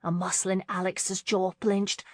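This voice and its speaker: A woman narrating a romance audiobook in a steady, measured way. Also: mid-range voice, no echo. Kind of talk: scripted narration.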